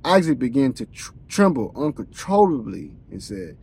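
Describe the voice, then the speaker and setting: A man's voice: mid-range voice, sing-song, moderate pace, vocal fry, dark tone, slightly rough. A man hosting a podcast, reading scripture aloud in a plain voice, tripping over words now and then and breaking off with casual slangy comments.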